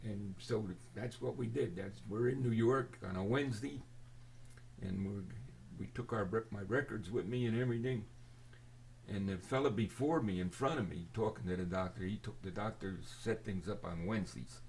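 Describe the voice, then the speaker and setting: An older man with a fairly low voice rambles through a personal story for his video, forgetful and halting. He trips over restarts and fillers as he goes, with a faint hiss of noise behind him. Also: a little mellow. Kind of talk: rambling casual storytelling to camera.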